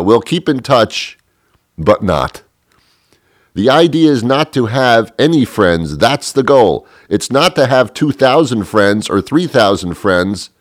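A man ranting sarcastically in a comedic monologue, exasperated, often leaping into a shrill mock-outraged pitch. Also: dry recording, clean studio sound.

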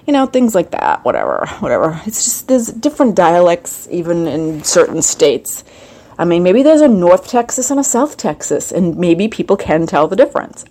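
A woman talks through a casual comedic monologue with a chatty, rambling flow. Her pitch swings widely and animatedly as she goes, breaking into playful impressions. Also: very animated, moderate pace, dark tone. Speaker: host.

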